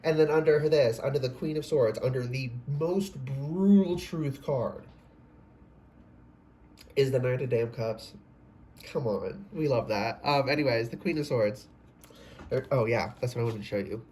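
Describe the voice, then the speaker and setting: A man's voice: mid-range voice, unhurried, mellow. Rambling man giving a casual tarot reading. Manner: rambling, self-interrupting, swears and exclaims. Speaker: tarot reader.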